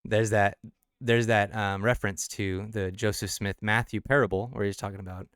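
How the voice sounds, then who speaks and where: A man's voice: fairly low pitch, fairly even intonation, moderate pace, fairly bright tone, clean tone, no room sound, clean studio sound. A man on a casual late-night livestream, thinking aloud as he explains the lyrics of his own song. He restarts and corrects himself often and laughs easily between thoughts.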